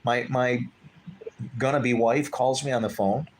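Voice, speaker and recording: A man telling a personal story in casual conversation, rambling and animated, acting out what others said. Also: mid-range voice, measured pace, a little hiss or hum. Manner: rambling, animated, acts out quoted voices. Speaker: guest telling his story.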